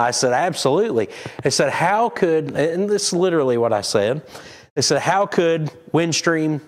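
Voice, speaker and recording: Folksy man, lively pitch. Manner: folksy, rambling, chuckles often. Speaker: pastor. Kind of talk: casual chat with the congregation.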